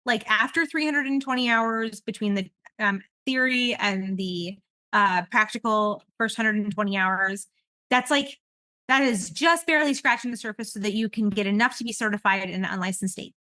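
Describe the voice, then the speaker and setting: A woman hosting a podcast in casual chat, rambling and animated, laughing often as she talks. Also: mid-range voice, normal speed, no room sound. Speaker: podcast host.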